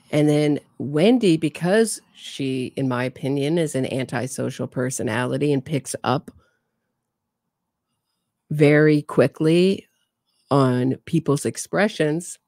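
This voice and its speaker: A woman's voice: sits low, a little mellow, dry recording. Woman commentator, opinionated and sarcastic, dry close sound. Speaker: true crime commentator. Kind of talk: casual commentary.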